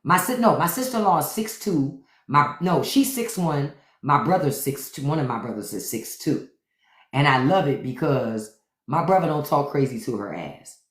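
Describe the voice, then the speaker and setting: A deep-voiced woman tells stories to her live-stream audience in a loose, profane monologue, jumping into other people's voices as she goes. Her pitch climbs and drops all over the place. The sound carries a roomy echo. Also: lively intonation, normal speed. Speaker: podcast host on a live stream. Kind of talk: unfiltered comedic storytelling monologue.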